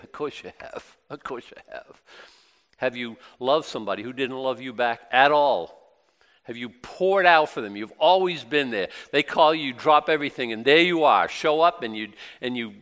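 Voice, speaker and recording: A man's voice: medium pitch, a bit bright, clean tone, big-room sound. A middle-aged man preaching a sermon in a conversational way, with plenty of rhetorical questions and repeated phrases.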